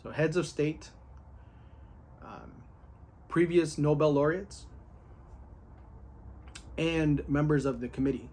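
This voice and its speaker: A man in a casual, excited recap of his day, candid, full of fillers and with the odd curse. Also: on the high side, slow, long pauses, slightly rough. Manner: candid and excited, with many fillers and a bit of cursing.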